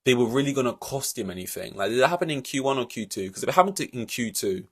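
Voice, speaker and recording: A man's voice: mid-range voice, expressive, fast, a bit bright, slightly rough. A man hosting a solo podcast, ranting in an exasperated, rambling way with many fillers and restarts. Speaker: podcast host.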